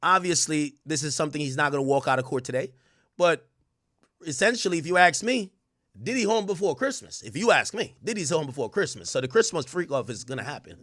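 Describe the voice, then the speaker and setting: A man hosting a comedic commentary livestream, animated and profane. His voice is high and bright, and it sounds close and dry with no room around it. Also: fairly quick, dry recording. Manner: animated, joking, profane, laughs often. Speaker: livestream host. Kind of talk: comedic legal commentary stream.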